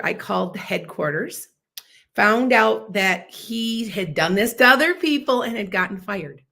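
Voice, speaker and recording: A woman, hosting a podcast livestream and chatting casually as a loud, boisterous storyteller. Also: mid-range voice. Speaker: podcast host.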